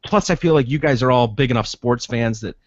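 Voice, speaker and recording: A man hosting a podcast, telling stories in a casual, profane, animated way. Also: medium pitch, fairly quick, dry recording, dull audio. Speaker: podcast host. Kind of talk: casual chat.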